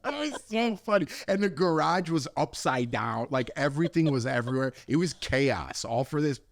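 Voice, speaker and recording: A young man co-hosting a podcast, telling a story with lively acted-out voices and frequent laughs. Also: medium pitch, normal speed, no echo. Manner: animated storyteller, acts out voices, laughs often. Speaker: podcast co-host. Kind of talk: casual storytelling chat.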